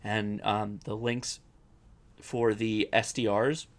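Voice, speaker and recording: A man's voice: lowish voice, little pitch movement, slow pace. A young adult man hosting a casual live-stream Q&A, chatty and rambling, often correcting himself as he answers viewer questions.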